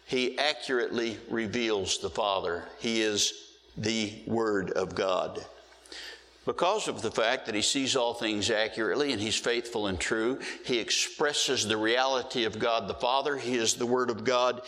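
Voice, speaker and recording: A middle-aged male pastor preaching a sermon, stretching out key words slowly for emphasis. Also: fairly low pitch, a bit bright. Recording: hall reverb.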